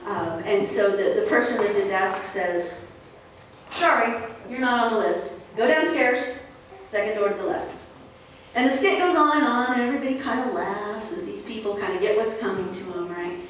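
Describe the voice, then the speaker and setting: A woman pastor preaching a sermon in a relaxed, conversational storytelling way, with fillers. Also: mid-range voice, normal speed, slight background noise. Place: church sanctuary. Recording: echoey church hall from far off.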